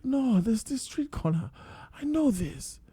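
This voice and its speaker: A man voicing a frail, confused old man who pleads in a soft, high, wavering voice. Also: big pitch swings, a little slow, slightly rough, no room sound, heavily acted. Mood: pleading.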